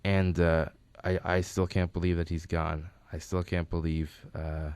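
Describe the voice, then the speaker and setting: A man with a very low, smooth and resonant voice tells casual stories about a friend who has died. He rambles and restarts his sentences as he goes. The studio sound is dry and close. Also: level tone, unhurried, a little mellow, dry recording. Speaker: friend giving a tribute. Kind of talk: casual storytelling. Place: recording studio.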